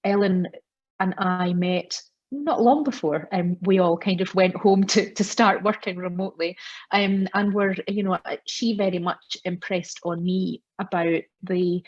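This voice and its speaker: Lady hosting a zoom webinar, lowish voice, loads of ums, muffled call sound. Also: steady tone, unhurried. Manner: chatty, many fillers and restarts. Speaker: chamber of commerce host.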